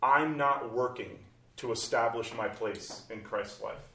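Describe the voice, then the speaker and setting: A man preaching, his voice carrying through a roomy church hall, picked up from a distance off the mic. His pitch sits in an ordinary middle range. He swings from bright, loud exclamations down to soft, hushed passages. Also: a little slow, gravelly, a little hiss or hum. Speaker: pastor. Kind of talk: sermon.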